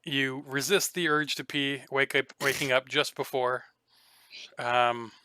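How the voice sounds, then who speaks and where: A man running a tabletop game, his voice bright and crisp. He narrates in a loose, rambling way, full of ums. The sound is close and dry. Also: mid-range voice, steady tone, unhurried, dry recording. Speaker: game master.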